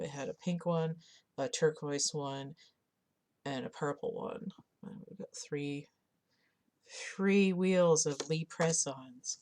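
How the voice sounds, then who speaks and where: A woman's voice: low-pitched, darkish tone. A woman doing a casual card-of-the-day tarot reading, chatting and thinking aloud as she shuffles and looks at the cards. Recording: audible background noise.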